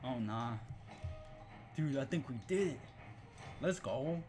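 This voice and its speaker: A young man hosting his channel, giving jokey, profane commentary while playing a horror game, muttering one moment and yelling in panic the next. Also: medium pitch, expressive, slow pace, over music. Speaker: gaming channel host.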